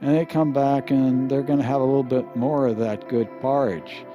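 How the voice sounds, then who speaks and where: A man's voice: mid-range voice, steady tone, moderate pace, highs cut off. Older guy telling a goofy rambling story, easy chuckly delivery, music under it. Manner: rambling, casual, chuckling asides. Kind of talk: humorous storytelling.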